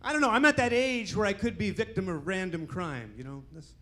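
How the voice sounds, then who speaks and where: A man's voice: high voice, brisk, bright, forceful tone. A man in his sixties doing a stand-up comedy set in a club, delivering punchy jokes with lots of "you know" tags. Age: 60s.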